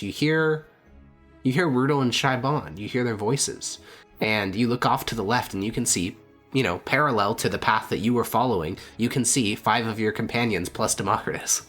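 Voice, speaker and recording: A man with a fairly low voice narrates a tabletop fantasy game as its game master. He describes the scene in a relaxed, casual way, leaning on fillers as he goes.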